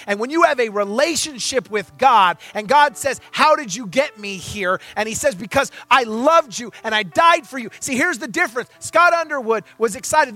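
A young man delivers a storytelling sermon, acting out each person's lines as he goes. His voice sits high and comes across bright and forceful. Soft music plays faintly under him. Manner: animated storyteller acting out dialogue. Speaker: pastor.

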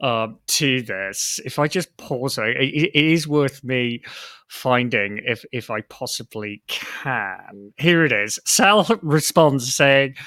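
A man's voice: medium pitch, animated, slow pace, sharp tone, no echo, studio quality. A man co-hosting a podcast, mocking quotes he reads aloud and laughing often. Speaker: podcast co-host. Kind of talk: casual podcast chat.

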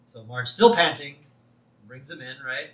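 A man's voice: mid-range voice, a little slow, echoey room, distant mic, rough recording. A man co-hosting a casual podcast, retelling scenes with lots of laughter and quoted lines. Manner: laughs often, animated retelling with put-on quotes. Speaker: podcast co-host. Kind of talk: casual chat recapping a TV episode.

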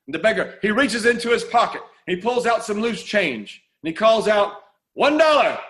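This preacher tells a parable and then prays, his high-pitched voice animated, brisk, bright, and forceful. He paces the sermon story earnestly and dramatically, repeating phrases for emphasis.

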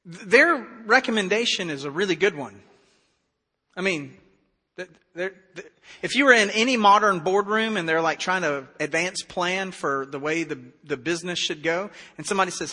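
Bright high-voiced male preacher. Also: moderate pace, long reverb tail. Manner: conversational, animated preaching with acted-out dialogue. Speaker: pastor. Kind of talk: sermon.

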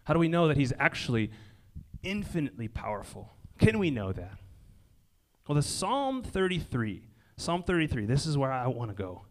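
A man preaching a relaxed, conversational sermon, speaking to the room as if chatting with friends. His pitch swings widely, rising when he gets excited and sinking to a soft, low murmur on key points. His voice sits at an ordinary middle pitch. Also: moderate pace. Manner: conversational, frequent "like" and "right?", drops to quiet emphasis. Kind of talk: casual sermon. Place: indoor gathering near a lake.

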